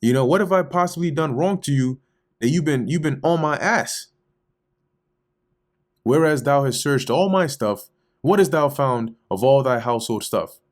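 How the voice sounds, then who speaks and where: A man's voice: medium pitch, normal speed, natural voice. A man voicing an exasperated grown shepherd who heatedly challenges his father-in-law in slangy, confrontational talk. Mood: indignant.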